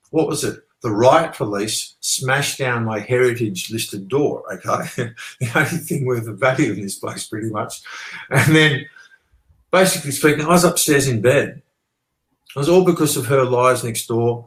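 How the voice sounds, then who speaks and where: A man's voice: mid-range voice, fairly bright tone, poor audio. An Australian man telling a rambling story as an interview guest, swearing freely and talking with animation. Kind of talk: casual storytelling.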